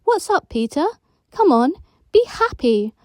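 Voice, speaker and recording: A woman's voice: unhurried, dry recording, clean studio sound. A woman voicing a bold, bossy ten-year-old girl in care, brash and boastful. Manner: brash, boastful, shrill when excited.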